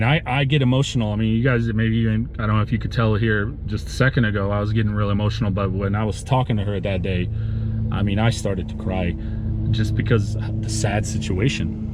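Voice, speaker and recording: A man telling a sad story from his work in a vlog while driving, speaking haltingly with many restarts. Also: on the low side, noisy background. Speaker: lawn care business owner vlogging.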